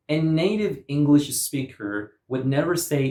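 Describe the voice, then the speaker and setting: Male pronunciation teacher, slow and deliberate, lively pitch, echoey room. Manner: repeats words slowly, stressing syllables.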